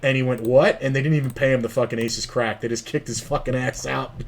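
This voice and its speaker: A man's voice: medium pitch, fairly even intonation, fast talker, creaky, slight background noise. A man streaming online poker who tells a long, profane story with quoted dialogue, in a casual, chatty way.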